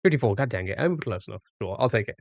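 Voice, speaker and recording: A man's voice: lowish voice, animated, rapid-fire, vocal fry, no room sound, studio quality. A man streaming a guessing game, thinking aloud in a rambling way full of restarts and fillers. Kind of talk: casual live-stream commentary.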